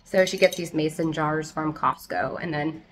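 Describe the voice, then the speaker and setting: A woman vlogging casually at home about her houseplants, talking fast and loudly in a rambling, self-interrupting way. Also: low voice, slight background noise. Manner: loud, almost yelling. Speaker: plant vlogger. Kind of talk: casual chat.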